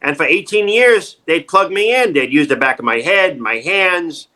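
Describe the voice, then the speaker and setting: A middle-aged man with a New York accent, telling jokey stories in a casual interview, animated and wisecracking. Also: on the high side, normal speed. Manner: animated, wisecracking, jumps into quoted voices. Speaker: actor and comedian, interview guest. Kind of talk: casual interview, joking storytelling.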